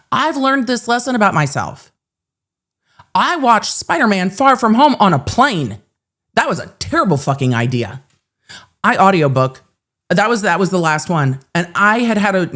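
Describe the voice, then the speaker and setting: In a mid-range voice, a woman recounts something that happened to her during a relaxed livestream chat. She's expressive, laughs at herself, and lets a few swear words slip.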